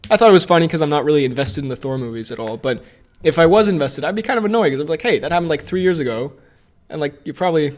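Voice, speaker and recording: A young man co-hosting a podcast, talking through movies in a loose, rambling way. His voice sits a little high for a man, and he laughs a lot and trails off when he forgets a name. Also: animated, rapid-fire. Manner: rambling, laughs often, loses his train of thought. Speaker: podcast co-host. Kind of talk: casual movie chat.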